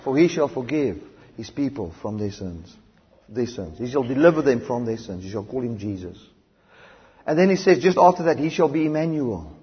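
A man preaching a sermon, switching between loud emphatic declarations and quiet low asides. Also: slightly rough. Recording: dull sound with long hall reverb.

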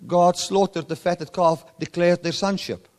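A man preaching a sermon, often swinging his voice from loud, high emphasis to low, quiet asides. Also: unhurried. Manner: animated preaching, voice rising and dropping sharply for emphasis. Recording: long hall reverb.

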